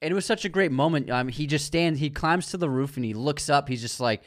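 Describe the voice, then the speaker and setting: A man's voice: on the high side, brisk, dry recording, studio quality. A man co-hosting a podcast, casually recapping a film's plot with frequent fillers. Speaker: podcast co-host. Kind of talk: casual film review chat.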